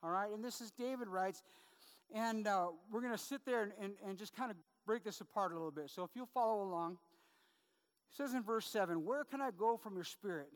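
A man's voice: high voice, brisk, smooth. A man preaching a sermon as a pastor, talking in a loose, conversational way with fillers and rhetorical asides. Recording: long reverb of a hall.

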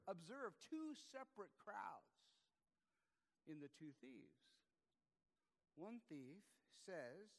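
Pastor guy in his 40s preaching, highish voice, big echoey church, goes loud then real quiet. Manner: swings from loud emphatic peaks to quiet low passages. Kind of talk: sermon. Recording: long hall reverb.

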